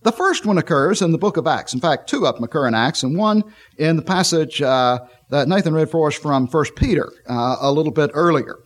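Halting higher-voiced male preacher. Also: animated. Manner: halting, frequent fillers and restarts while reading scripture. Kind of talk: sermon.

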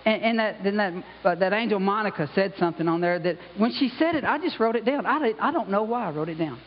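A man's voice: high-pitched, expressive, quick pace. A man preaching a conversational sermon as pastor in a church, often asking "you know?" and "okay?". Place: church sanctuary. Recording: dull sound with long hall reverb.

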